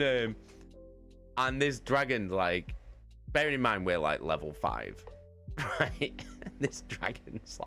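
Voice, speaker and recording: A man's voice: fairly low pitch, fairly bright tone. A man streaming live, casually telling a tabletop game story, swearing constantly and laughing often.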